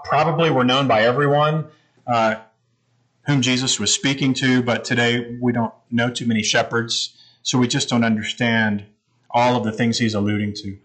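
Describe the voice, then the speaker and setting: A man's voice: medium pitch, fairly bright tone, rough recording. Man preaching a conversational sermon. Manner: explanatory, conversational preaching with scripture quotes. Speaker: pastor.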